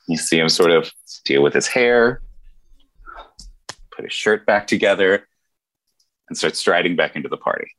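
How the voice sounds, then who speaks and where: A man narrating his own character in a tabletop game, with slow, halting, in-character narration. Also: low voice, animated, a bit bright. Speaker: player.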